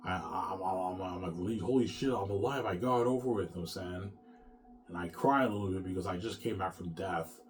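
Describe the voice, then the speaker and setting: A vlogger with a low voice rambles through a profane personal monologue, with a little hiss or hum audible. He stammers, restarts, and repeats himself often.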